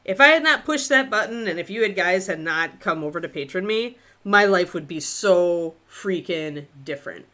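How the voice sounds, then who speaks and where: A woman leads a live-streamed miniature painting session in a relaxed, chatty way. She thinks aloud while she paints. Her voice is bright and clear, and her pitch rises and falls a lot. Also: normal speed, few pauses.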